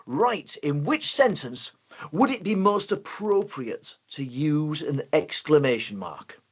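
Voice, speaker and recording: A man's voice: fairly high pitch, very animated, slow pace, husky. A man hosting a live online punctuation lesson for schools, upbeat and playful. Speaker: host and teacher.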